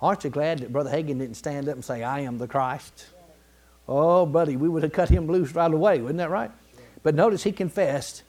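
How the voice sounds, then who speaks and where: A male pastor preaches in a folksy, colloquial style, building up to emphatic repeated phrases and now and then clearing his throat. His voice is on the high side with a darkish tone, and he speaks a little fast.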